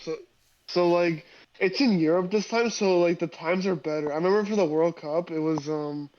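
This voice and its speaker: A young man co-hosting a sports podcast, easygoing and quick to laugh. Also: high voice, a little mellow. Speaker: podcast co-host. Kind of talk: casual sports chat. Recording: dull lo-fi mic.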